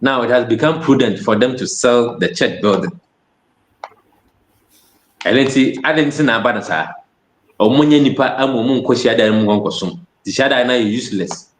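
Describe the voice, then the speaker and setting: A man's voice: mid-range voice, lively intonation, normal speed, a little hiss or hum. Ghanaian man preaching in an echoey room. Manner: switches between Twi and English phrases. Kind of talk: sermon.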